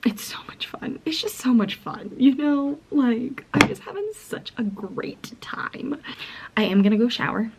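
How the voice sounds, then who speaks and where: A woman's voice: fairly high pitch, expressive, a little slow. A young woman chatting casually in a reading vlog, gushing and giggly, full of "like" and often dropping into a whisper. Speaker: book vlogger.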